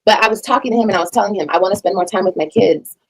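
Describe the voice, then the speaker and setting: Fast-talking blunt woman streamer. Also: medium pitch, a little mellow, slightly rough, low-quality recording. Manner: blunt, profane and emphatic. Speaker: reaction streamer. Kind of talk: heated reaction commentary.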